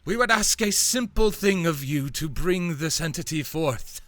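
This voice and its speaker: A man voicing a pompous cloaked male cult leader who speaks slowly and grandly, as in a tabletop game. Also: on the high side, lively intonation, fairly bright tone, no echo, pitched above the performer's own voice. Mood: grandiose. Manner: slow, grand, ceremonial delivery.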